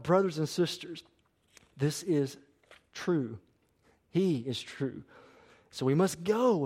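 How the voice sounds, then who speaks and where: A young man preaching a sermon as pastor, animated and asking the congregation to answer back. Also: fairly high pitch. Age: young adult. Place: church sanctuary.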